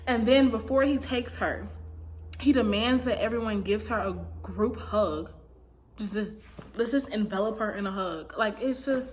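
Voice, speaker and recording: A woman giving a casual, opinionated recap of a reality dating show, often acting out what people said. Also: moderate pace. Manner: chatty, opinionated, acts out quotes with big pitch jumps. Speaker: recap commentator.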